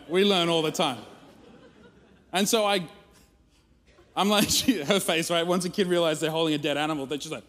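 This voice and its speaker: A man preaching at church, telling a funny family story in an animated, self-mocking way. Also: a little high, normal speed, long pauses. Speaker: guest speaker. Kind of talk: storytelling sermon. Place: church auditorium. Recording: long reverb of a church hall.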